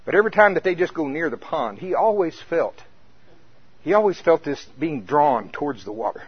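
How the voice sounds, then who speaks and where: A pastor telling a folksy story in a conversational sermon, with a casual manner. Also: male voice, a little high, very animated, normal speed, husky. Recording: muffled lo-fi recording.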